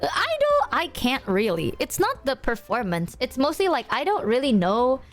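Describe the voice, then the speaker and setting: A woman's voice: high-pitched, huge pitch swings, normal speed, faint music behind. A young woman streaming and chatting casually with her viewers, bubbly, laughing often and swearing freely.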